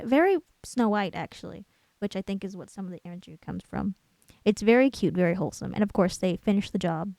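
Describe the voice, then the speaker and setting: A woman's voice: medium pitch, steady tone, a little fast, creaky, dark tone, no echo. Chatty young woman rambling about a film. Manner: rambling, self-deprecating, searching for words aloud. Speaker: channel host. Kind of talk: casual film commentary.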